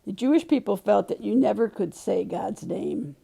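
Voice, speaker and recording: A woman leading a Bible study, retelling a scripture story in a gentle, conversational way. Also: mid-range voice, normal speed, creaky, slightly rough.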